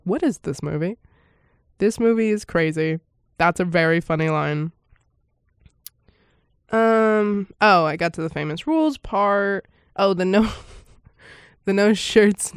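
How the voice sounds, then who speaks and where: A woman's voice: medium pitch, smooth, dry recording, clean studio sound. A woman giving a casual first-reaction commentary on a film, rambling with lots of fillers and frequent laughter.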